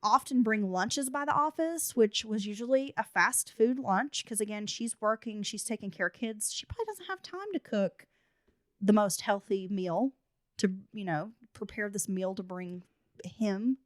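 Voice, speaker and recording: A woman's voice: mid-range voice, animated, normal speed, no echo, clean studio sound. A woman hosting a true crime podcast. She narrates the case details and breaks in with blunt, casual asides. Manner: reads case notes, then adds blunt asides. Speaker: podcast host.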